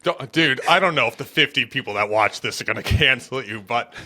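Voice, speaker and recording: A man's voice: mid-range voice, lively intonation, brisk, pushed and bright, slight background noise. A man co-hosting a casual podcast, teasing the guest with dry jokes. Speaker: podcast co-host. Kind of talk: casual chat.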